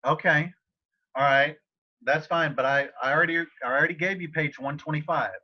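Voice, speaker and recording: A man with a voice on the high side teaches a Spanish class over a video call, speaking at a moderate pace with fairly even intonation. He addresses students by name in a casual, encouraging way. His computer mic gives the tutoring session slightly dull call audio.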